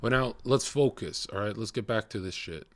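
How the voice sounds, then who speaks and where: Blunt, profane male streamer, low voice. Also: moderate pace, no echo. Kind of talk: casual rant to a live chat.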